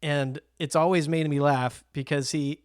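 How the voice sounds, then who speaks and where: A man's voice: fairly high pitch, normal speed, smooth, no room sound, studio quality. A man co-hosting a podcast, chatting casually and acting out movie scenes with lots of laughter. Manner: animated storyteller, acts out scenes, laughs often. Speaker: podcast co-host. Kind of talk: casual chat about movies.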